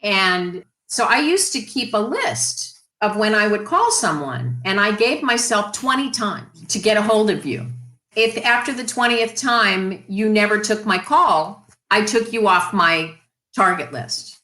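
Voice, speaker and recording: A woman telling stories as an interview guest, animated and lively in her telling. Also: medium pitch, unhurried. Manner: animated storyteller. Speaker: guest, radio industry executive. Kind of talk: casual interview storytelling. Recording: roomy echo.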